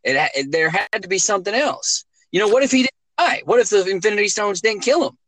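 A man's voice: sits high, animated, fast talker, a bit bright, dry recording, poor audio. A man in a casual movie chat, speculating and arguing his points. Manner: argumentative, speculative.

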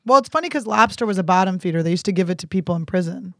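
A young woman from the Philadelphia suburbs chatting as a podcast guest, rambling, bawdy and quick to laugh. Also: lowish voice, lively intonation, dry recording, clean studio sound. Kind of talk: casual chat.

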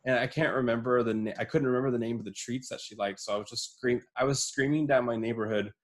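A man co-hosting a podcast, telling a story in casual chat, swearing and breaking into laughter and yells. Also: mid-range voice, fairly even intonation, fast talker. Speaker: podcast co-host.

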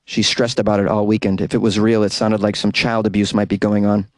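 A man's voice: on the low side, level tone, a little fast, no echo. A man hosting a comedy news podcast, reading with wry asides and stumbling over hard words. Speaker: podcast host. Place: closet.

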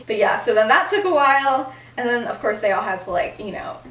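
This podcast host tells a casual story to her friend, her fairly high, fairly bright voice animated and a little fast. She laughs as she goes and says "like" constantly. The recording sounds roomy, as if captured from far away.

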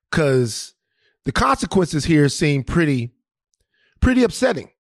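A man from Louisiana tells a story on a podcast, animated and profane, with lots of stammered restarts. His voice sits a bit high for a man, and the recording is dry and close. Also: vocal fry, no echo. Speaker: podcast co-host. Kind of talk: casual storytelling chat.

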